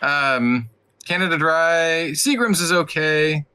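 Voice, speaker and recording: A man's voice: on the high side, slow pace, bright, forceful tone, clear, resonant tone. A man co-hosting a podcast from the United States, chatting casually, laughing often and swearing freely. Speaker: podcast co-host. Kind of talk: casual chat.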